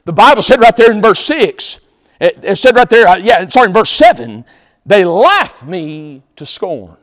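High-pitched, animated preacher. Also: male voice, normal speed, long reverb tail. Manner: emphatic, swings between loud exhortation and hushed tones. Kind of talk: sermon.

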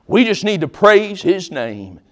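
A man preaching in a church sanctuary with a high, very animated voice that swoops up for scripture. He recites passages in a loud, ringing way, then drops into folksy asides and a gentle altar call. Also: a little slow. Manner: folksy, conversational asides to the congregation.

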